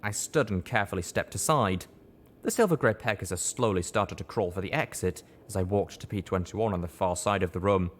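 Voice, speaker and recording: A man reads a first-person story aloud as an audiobook narrator. His delivery is steady and measured, with a low, deep voice.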